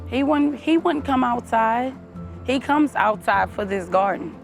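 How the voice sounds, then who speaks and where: A woman, a mother and community gardener, talking in a documentary interview in a chatty, lively way. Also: on the high side, unhurried, vocal fry, faint music behind.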